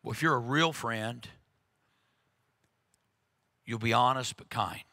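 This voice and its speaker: A man's voice: mid-range voice, slow pace, bright, forceful tone. A man preaching a conversational sermon, talking earnestly and frankly, with frequent "uh"s and restarts.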